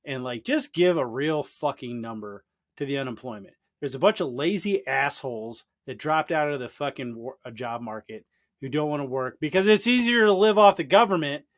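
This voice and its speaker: A man's voice: mid-range voice, expressive, moderate pace, fairly bright tone. A man co-hosting a podcast, ranting bluntly in casual political chat and swearing freely. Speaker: podcast co-host.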